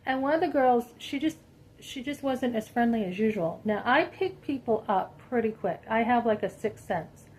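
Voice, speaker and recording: A woman vlogger telling a personal story to her viewers in an animated, indignant, chatty way. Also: a little high, normal speed, a little hiss or hum, low-quality recording. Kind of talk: casual storytelling to camera.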